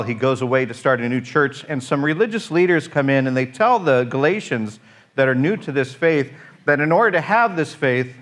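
A man preaching a conversational sermon, informal and joking, often pausing on "uh" and restarting his sentences. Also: mid-range voice, fairly bright tone. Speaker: pastor.

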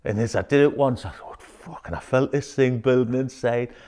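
A man telling a personal story in casual talk, swearing freely and dropping to a hushed whisper when quoting others. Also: medium pitch, moderate pace.

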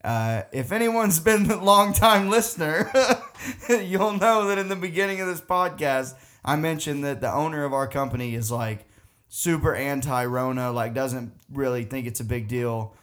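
A man's voice: a little high, normal speed, fairly bright tone. A man with a Southern US accent, co-hosting a podcast in a rambling, casual chat, often laughing. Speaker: podcast co-host.

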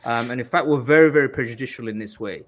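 A man hosting a live podcast, chatty and animated, asking guests about their experiences. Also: mid-range voice, quick pace, a little hiss or hum. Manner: chatty, lots of fillers and restarts, animated. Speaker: podcast host.

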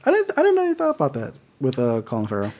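Man, 30s, podcast co-host; swings his pitch widely, rambling, swears freely. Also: wildly swooping pitch, very fast, darkish tone. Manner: rambling, swears a lot, laughs often. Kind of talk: casual chat.

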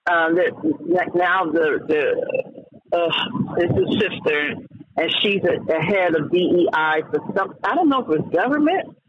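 A man's voice: fairly high pitch, animated, measured pace, a little hiss or hum. A man hosting a radio talk show, ranting heatedly about the news and stumbling over many restarts. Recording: dull lo-fi radio broadcast.

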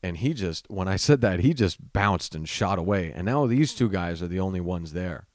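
Low-voiced man telling a story casually. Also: animated, normal speed, no echo, studio quality. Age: 30s. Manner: casual, profane, rambling storytelling with restarts. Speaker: podcast host. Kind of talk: solo storytelling podcast.

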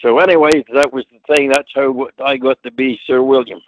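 A man's voice: mid-range voice, steady tone, a little fast, no echo, highs cut off. A Scottish-born man, a former wrestler, telling stories in a plainspoken, folksy way as a guest on an interview show. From Scotland. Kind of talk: casual storytelling interview.

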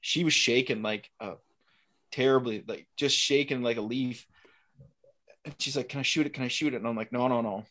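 Speaking at a normal speed in a mid-range voice, a middle-aged man shares a hunting story as a guest. He's casual and animated, voicing the people in it through quoted dialogue.

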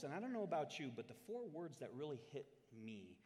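A man preaching a sermon to a congregation, swinging from loud, dramatic scripture readings to quiet, reflective asides. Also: fairly high pitch, big pitch swings, brisk, few pauses. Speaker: pastor. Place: church hall. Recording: long hall reverb. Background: congregation in the room.

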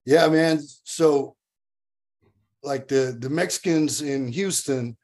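A male voice actor as a guest on a podcast, chatting in a relaxed, profane way and laughing easily. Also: a little high, slow. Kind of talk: casual podcast chat.

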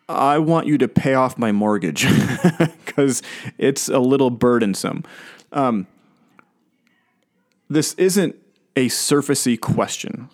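A man's voice: medium pitch, animated, a little slow, pauses often. A man preaching a sermon in a conversational, earnest way, with light laughter as he talks. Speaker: pastor.

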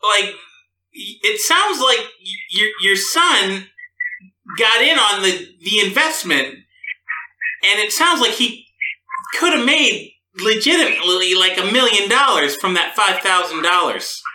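Halting, hesitant host with a bright voice. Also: mid-range voice, lively intonation, roomy sound, poor audio. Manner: hesitant, halting, stammers while explaining. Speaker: radio show host. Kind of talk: casual on-air chat.

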